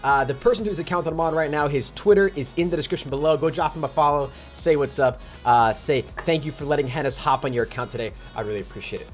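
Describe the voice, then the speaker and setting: A young man live-streaming a video game, greeting viewers by name in rapid casual shoutouts and chatting about his plans. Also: fairly high pitch. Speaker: livestreamer. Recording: faint music behind.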